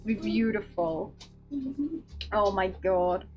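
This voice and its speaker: A woman streaming a game, chatting casually and reading dialogue aloud in a giggly, playful, excitable way. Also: medium pitch, slow pace, highs cut off, soft background music.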